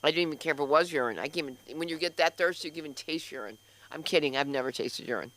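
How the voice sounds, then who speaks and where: A woman's voice: deep voice, very fast, a bit bright, rough recording. A woman hosting a comedy open mic, rambling through loose, crude banter on stage. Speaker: comedy school host. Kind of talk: stand-up host banter.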